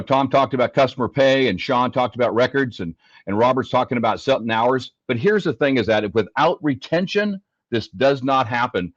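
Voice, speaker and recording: A man's voice: medium pitch, dry recording, highs cut off. A man on a panel discussion, a dealership service leader explaining his goals with emphatic repetition. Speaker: dealership fixed ops leader.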